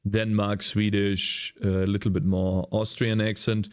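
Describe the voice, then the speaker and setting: A man with a German accent and a fairly low voice, chatting loosely with viewers as he works. He rambles and often stops to search for the right English word. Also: level tone, unhurried, smooth. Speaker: streamer and indie game developer. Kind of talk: casual live-stream chat while coding.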